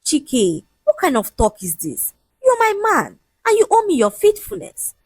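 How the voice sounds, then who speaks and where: A woman's voice: wildly swooping pitch, normal speed, a little mellow, husky, no echo, heavily acted. A woman voicing a distraught young woman pleading with her fiancé in a storybook tale. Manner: pleading, high-pitched exclamations.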